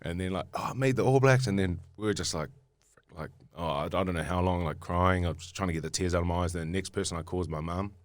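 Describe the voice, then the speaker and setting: A deep-voiced man with a New Zealand accent tells his story in a loose, rambling way, full of fillers and restarts. He is recorded on a close studio mic with a dry, dead sound. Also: steady tone, fast talker, no echo. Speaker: guest rugby player. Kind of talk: casual podcast storytelling.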